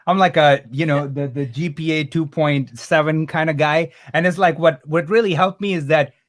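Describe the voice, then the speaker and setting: A man hosting a casual live video call with students, talking fast and animated with many fillers. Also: fairly high pitch. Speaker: host and course instructor. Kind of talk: casual livestream chat.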